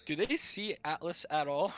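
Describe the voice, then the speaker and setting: A man's voice: on the high side, expressive, a little slow, a bit bright. A man playing a tabletop game who keeps asking the game master questions. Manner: inquisitive, asks many questions. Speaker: player. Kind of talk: casual banter at a game table.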